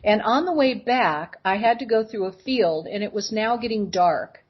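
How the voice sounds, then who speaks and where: A woman's voice: mid-range voice, normal speed, slightly rough, dull audio. A woman guest telling personal stories, acting out the voices of the people in them. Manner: animated storyteller acting out voices. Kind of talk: personal storytelling.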